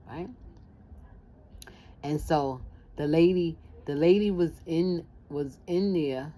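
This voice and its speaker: A woman telling a personal story in casual talk, lively and acting out the voices of family members. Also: low-pitched, slow, long pauses.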